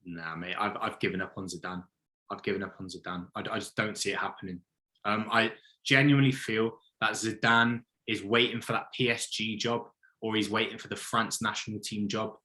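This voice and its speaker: A man giving his opinions in a casual football chat, animated and blunt, often acting out what others might say. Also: lowish voice, fairly quick. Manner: opinionated, animated, mock-quotes others in put-on voices. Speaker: podcast co-host, football fan.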